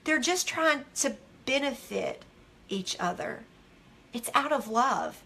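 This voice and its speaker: Bright, high-voiced woman giving devotional teaching. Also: slow pace. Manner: animated, candid storytelling that acts out its own quotes. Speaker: devotional author and speaker.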